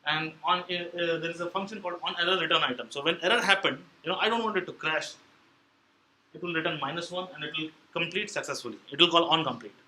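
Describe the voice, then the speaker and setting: A man presents at a tech meetup, explaining in halting steps with many fillers. His voice sits a bit high and sounds bright. A faint hum runs behind him. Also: poor audio. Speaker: meetup speaker on Android programming. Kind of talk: live technical talk with audience questions. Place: meeting room at a tech meetup.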